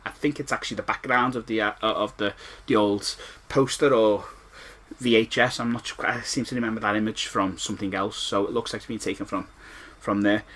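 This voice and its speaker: A man's voice: lowish voice, fairly even intonation, fairly quick, fairly bright tone. A man with a Scouse accent, ranting and rambling through a retro game review, swearing freely and repeating himself. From Liverpool, England.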